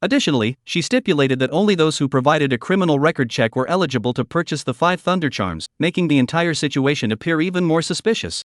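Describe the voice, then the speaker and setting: A man's voice: on the high side, expressive, fast talker, hardly any pauses, dry recording, clean studio sound. A man narrating a comic recap with a scripted, dramatic storytelling delivery.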